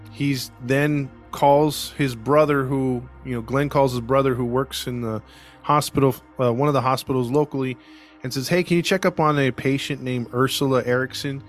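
A man hosts a casual podcast and tells a story in an animated way. He drops into the voices of the people he quotes and laughs often. Faint music sits behind him. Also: medium pitch. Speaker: podcast host.

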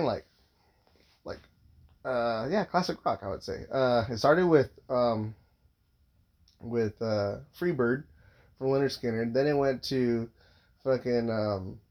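A man's voice: medium pitch, measured pace, long pauses, darkish tone. A man in his thirties, a father, telling a long casual story, rambling and swearing constantly with lots of filler words.

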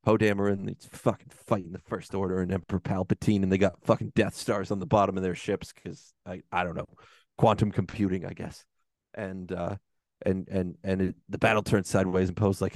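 Ranting, animated male podcast co-host. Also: on the low side, brisk, dry recording, studio quality. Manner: heated, ranting, swears often. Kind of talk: casual podcast chat.

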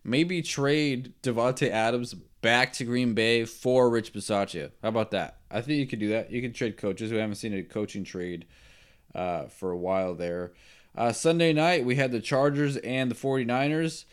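A man's voice: medium pitch, moderate pace, clean tone. A man hosting a podcast, giving rambling, opinionated football talk and laughing at his own jokes. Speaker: podcast host. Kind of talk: casual sports talk.

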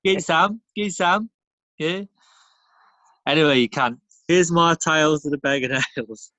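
Cheeky London pub regular put on by a man, crude joke-teller, slightly high, dry sound. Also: measured pace, sharp tone, no echo. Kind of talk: comedy podcast character bit.

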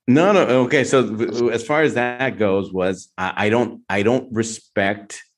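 A man's voice: on the low side, a little slow. A man hosting a podcast in casual chat, telling stories in a rambling way with many restarts. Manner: rambling, restarts often, animated storytelling.

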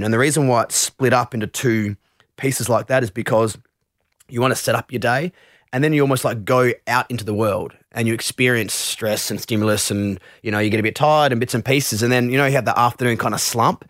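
A man who teaches meditation, explaining his practice in an interview in a relaxed way, with frequent restarts and asides. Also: mid-range voice, fairly quick, no echo, clean studio sound.

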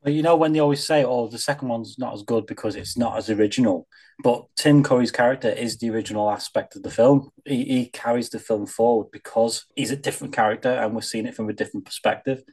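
A giggly, chatty man talking about films on a podcast. His voice has a middling pitch and a husky edge. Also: fast, a little mellow. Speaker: podcast co-host. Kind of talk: casual film chat.

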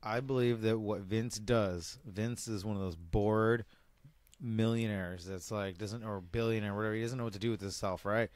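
A man's voice: lowish voice, steady tone, moderate pace, darkish tone, no room sound. A man in a casual group chat who jokes around and puts forward wild theories. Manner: joking, offers wild theories.

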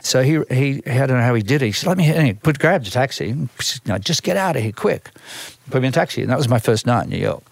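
A man's voice: medium pitch, lively intonation, racing, creaky, hardly any pauses, no echo. An older Australian man who manages a band, telling long rambling stories from his career in a casual interview, full of restarts and acted-out quotes.

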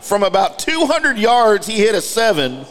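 Lively teasing man in an echoey room. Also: sits high, moderate pace. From Louisiana. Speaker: podcast co-host. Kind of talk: casual golf chat.

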